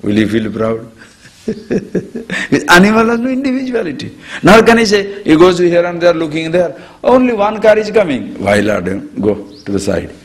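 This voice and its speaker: A man, a spiritual teacher giving a discourse to an audience, animated and chuckling often as he acts out everyday examples. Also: sits high, normal speed.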